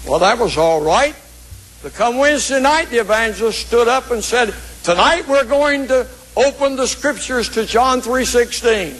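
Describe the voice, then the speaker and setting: A man's voice: very high voice, lively intonation, moderate pace, fairly bright tone, rough recording. A man preaching a sermon, telling a story in a rhythmic preaching cadence.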